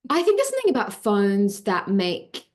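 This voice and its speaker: Young Australian woman, actor guest in an interview, talkative storyteller, asides strung together with "like.". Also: mid-range voice. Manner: chatty, animated storyteller, quick asides with "like". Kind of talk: casual interview chat.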